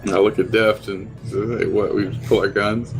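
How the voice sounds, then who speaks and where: Low gravelly man joking as a player. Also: flat delivery, moderate pace, soft background music. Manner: joking, laughs often. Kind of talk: playing a tabletop game.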